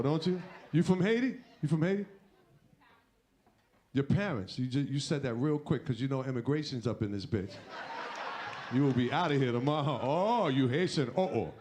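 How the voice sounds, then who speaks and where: A man hosting a comedy show, working the crowd with teasing banter and hyping up the next act. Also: mid-range voice. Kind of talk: emcee crowd work. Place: comedy club with a live audience. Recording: live club with loud crowd noise.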